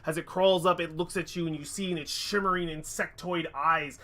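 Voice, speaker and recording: A man's voice: on the high side, fairly even intonation, fairly quick, a bit bright. A man narrating as game master of a tabletop game, describing scenes with frequent fillers. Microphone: headset or desk mic on a stream.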